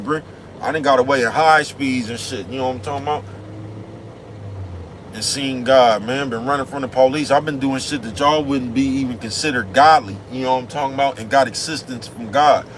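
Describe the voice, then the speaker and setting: A man driving a big truck, rambling and preaching in slangy, casual talk to his viewers. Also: medium pitch. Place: cab of a big truck on the road. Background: faint traffic noise.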